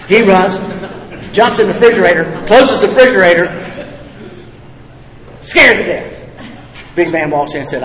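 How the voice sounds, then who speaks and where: High-pitched and expressive with a fairly bright tone, this man talks at normal speed but leaves long pauses. He's a recovery meeting speaker, blunt and folksy, joking with profane humor, heard in a reverberant hall with faint ambience.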